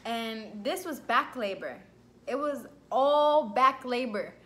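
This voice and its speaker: Woman vlogger, casual story to camera, lively and chatty, higher-pitched voice, jumps way up when quoting herself. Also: takes it slowly. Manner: lively, chatty, full of "like" and "you know"; acts out her own past lines with big jumps in pitch.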